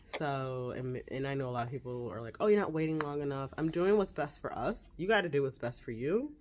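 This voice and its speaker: A woman's voice: extremely low pitch, brisk, a little mellow, a little hiss or hum. A woman in her forties talking candidly at home about life with her baby, in a chatty vlog manner with tender asides to the child. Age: 40s. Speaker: mom vlogger. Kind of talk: casual vlog chat.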